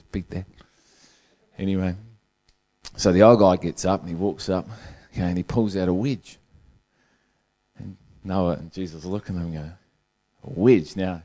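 A man's voice: deep voice, darkish tone. A man preaching a humorous sermon, telling a long joke as a storyteller who chuckles through his own punchlines.

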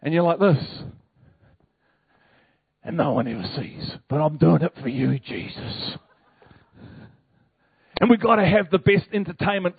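Higher-voiced New pastor, tinny. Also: male voice, no echo. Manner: animated, conversational preaching with rhetorical questions. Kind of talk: sermon. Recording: tinny phone-like, dry sound.

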